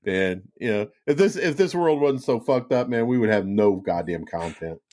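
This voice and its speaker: A man co-hosting a podcast in casual banter, profane and animated, laughing easily while talking into a studio mic. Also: lowish voice, moderate pace. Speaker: podcast co-host. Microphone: studio mic with cough button.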